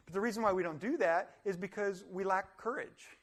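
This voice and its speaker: A young adult man giving a motivational talk, animated, acting out complainers in high voices. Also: a little fast. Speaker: motivational speaker.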